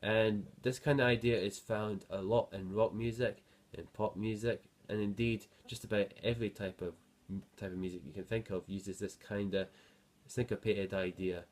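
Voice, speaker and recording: A man's voice: fairly low pitch, fairly even intonation, normal speed, few pauses. A man teaching a guitar lesson, counting beats aloud and explaining between passages, with some fillers. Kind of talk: music lesson. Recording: guitar playing behind voice.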